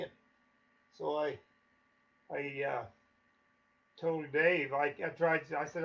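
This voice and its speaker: Gravelly older man spinning folksy yarns. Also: on the high side, fairly even intonation, moderate pace, bright, forceful tone, lo-fi sound. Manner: folksy, chuckling anecdote-telling. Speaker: storyteller telling his life story. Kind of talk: casual spoken reminiscence.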